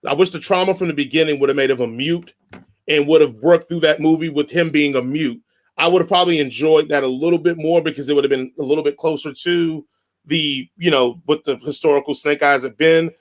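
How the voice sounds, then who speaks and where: A man co-hosting a podcast, reviewing a film in a casual, animated, rambling way with lots of restarts. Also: fairly high pitch, a little fast. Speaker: podcast co-host. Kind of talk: casual movie review chat.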